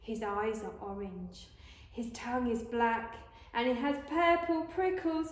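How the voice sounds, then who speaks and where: A woman teacher reading a picture book aloud to children slowly and expressively. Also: fairly high pitch. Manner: slow, expressive read-aloud. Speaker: primary school teacher. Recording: echoey room.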